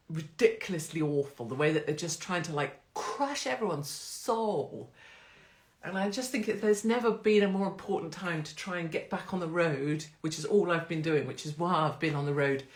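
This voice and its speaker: A woman's voice: on the low side, moderate pace. A woman hosting a casual live stream, brash and jokey, swearing freely and laughing often, from England. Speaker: host. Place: home, live phone stream. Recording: roomy echo.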